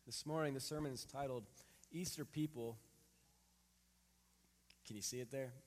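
A man in his thirties preaching a sermon, reading scripture and telling a family story in a lively, animated way. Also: medium pitch, moderate pace. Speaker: pastor. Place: church hall. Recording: long hall reverb.

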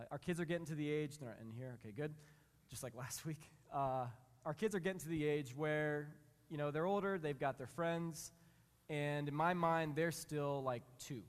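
A man in his thirties or forties preaching a sermon. He reads scripture slowly, then tells a candid, self-mocking story about his family. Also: on the high side. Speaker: pastor. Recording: long reverb in a big hall.

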